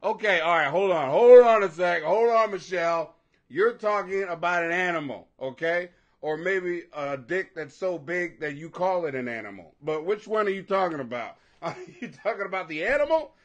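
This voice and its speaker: Animated high-voiced joking man. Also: moderate pace, few pauses, muffled recording. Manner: animated, joking, profane, laughs often, stumbles over names. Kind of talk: casual chat with viewers.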